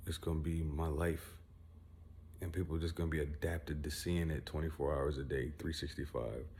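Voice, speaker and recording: A young man with a deep, mellow voice vents straight into his phone at home. He rambles, boasts about himself and swears as he goes. Faint room noise hums behind him. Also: flat delivery, moderate pace. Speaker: vlogger. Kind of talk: casual venting monologue.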